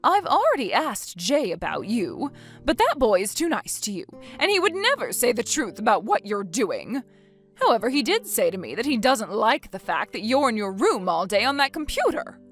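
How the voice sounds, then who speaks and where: A woman's voice: on the high side, big pitch swings, normal speed, fairly bright tone, faint music behind. A woman voicing a bossy, nagging mother-in-law who scolds and belittles, in a text-story dramatization. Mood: scolding.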